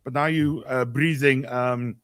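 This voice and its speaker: A man's voice: mid-range voice, steady tone, a little slow, a bit bright, no echo. Man, co-host, chatty, repeats words, mid voice, dry sound. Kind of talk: casual interview chat.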